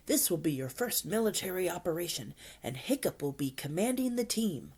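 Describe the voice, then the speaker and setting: A woman voicing a gruff Viking drill sergeant who barks orders at young recruits in a read-aloud story. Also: fairly low pitch, sing-song, a little fast, darkish tone. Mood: bossy. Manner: barking orders.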